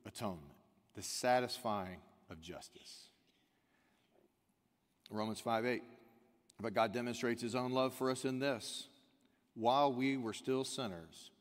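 Slow-preaching man in a reverberant hall. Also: mid-range voice. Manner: preaching with rhetorical questions, swinging from loud to hushed. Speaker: pastor. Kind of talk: sermon.

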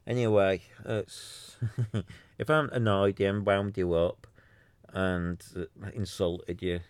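A man's voice: low voice, a little slow, no room sound. A man hosting a solo podcast, ranting in an exasperated, sarcastic way and rambling with many restarts. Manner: exasperated, sarcastic, mocks others in put-on voices. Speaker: podcaster running a free website.

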